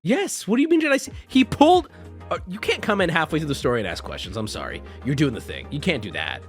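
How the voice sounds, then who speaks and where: A man streams to his chat and tells a story in an exasperated, animated rant. His voice sits a bit high and swings widely up and down. Faint music plays behind him. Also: fast talker. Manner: animated, exasperated ranting with frequent restarts. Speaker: streamer and host. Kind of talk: casual storytelling to a live chat.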